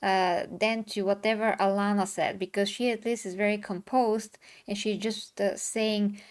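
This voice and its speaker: A woman's voice: mid-range voice, steady tone, normal speed. Chatty woman hosting a discussion. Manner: rambling, restarts mid-sentence, reads viewer comments aloud. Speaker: host. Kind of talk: casual chat.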